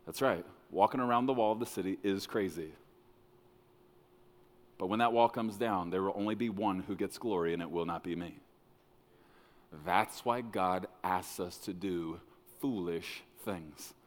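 A man preaching a sermon as pastor, dramatic, swinging between loud bursts and hushed lines. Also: deep voice, measured pace, long pauses. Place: church hall. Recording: long reverb of a large hall.

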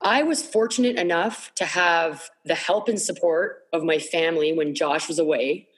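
A woman guest on a podcast talking candidly about her own experience, halting often and repeating her words with many fillers. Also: lowish voice. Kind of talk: candid personal storytelling.

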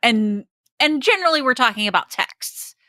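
A woman's voice: a little high, lively intonation, moderate pace, bright, forceful tone, no echo. A woman co-hosting a podcast in casual chat, hesitant and self-deprecating. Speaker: podcast co-host and coach.

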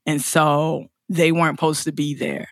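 A woman poet tells her personal story in an interview, emotional as she acts out other people's lines in lively voices. Her voice is low and her speed normal. It's studio quality, with no room sound.

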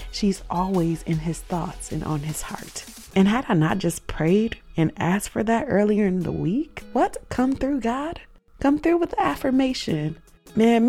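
A woman's voice: mid-range voice, creaky, dark tone. A woman hosting a show, earnestly telling a personal faith story, reflective and emotional at its peaks.

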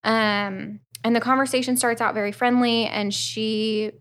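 A woman's voice: on the high side, steady tone, unhurried, fairly bright tone. A woman co-hosting a podcast, recapping a book in casual chat with a wry, self-deprecating humor and frequent laughter. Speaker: podcast co-host.

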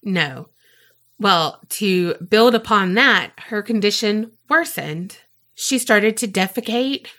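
A woman co-hosting a podcast, telling a story in casual chat, animated and swearing freely. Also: medium pitch, slow pace. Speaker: podcast co-host.

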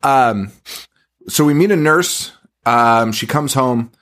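A man's voice: mid-range voice, slow, fairly bright tone. A man co-hosting a horror podcast in casual chat, loose and profane, leaning on "like" and "um" as he retells behind-the-scenes stories. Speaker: podcast co-host.

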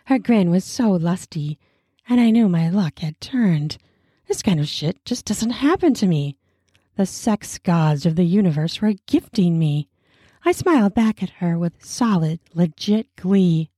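A woman reading an erotic story aloud, slow and sensual. Her voice is mellow and breathy, a little low, close and dry. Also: lively intonation, no echo.

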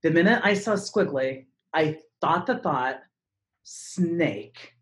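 A woman in her forties tells a story as an interview guest, in a voice that sits on the lower side. She is theatrical and expressive, and she acts out other people's lines with big swings in her pitch. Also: a little slow. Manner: animated, dramatic storyteller who acts out voices. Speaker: speaker and trainer.

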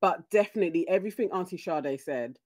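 A woman's voice: on the low side, animated, quick pace, a little mellow, dry recording. A woman co-hosting a podcast, giving emphatic, encouraging advice in casual chat. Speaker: podcast co-host.

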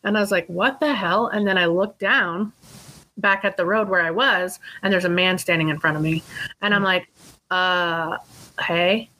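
A young adult woman, a guest on a talk podcast, telling a story in an animated way, acting out her own quotes and swearing casually. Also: medium pitch, rough recording. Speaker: psychic life coach, guest.

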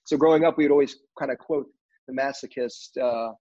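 A man in casual conversation, telling rambling, animated stories about his career in film, with lots of fillers and restarts. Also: mid-range voice, brisk. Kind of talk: casual storytelling interview. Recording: dull lo-fi audio.

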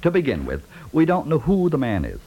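An unruffled lawyer in a 1950s radio comedy, dry and patient, with a voice that swings widely in pitch. It is heard through an old radio broadcast recording. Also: male voice, huge pitch swings, brisk, warm tone, husky, muffled recording, full character voice.

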